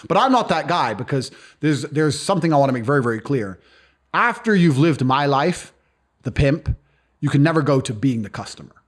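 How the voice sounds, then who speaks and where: Being interviewed casually, a man speaks bluntly and boastfully, swearing freely and acting out other people's voices as he tells his stories. His mid-range voice is animated and moves at a moderate pace.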